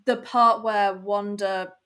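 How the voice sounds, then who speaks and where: A woman in casual chat about a TV episode, measured and hesitant, with many ums and frequent laughs. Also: medium pitch, fairly even intonation, bright, forceful tone, smooth.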